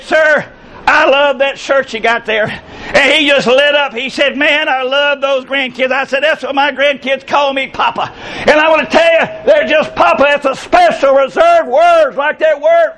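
A man in his sixties preaching a sermon, often breaking into passionate shouted emphasis. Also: extremely high pitch, slight background noise, poor audio. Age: 60s. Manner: impassioned, bursts into shouting emphasis.

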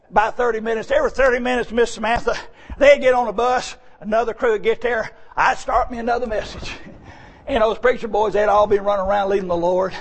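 A high-voiced, husky man preaching a storytelling sermon. His folksy delivery drops low and quiet, then climbs into shouts. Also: quick pace. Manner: swings from hushed to shouting, folksy.

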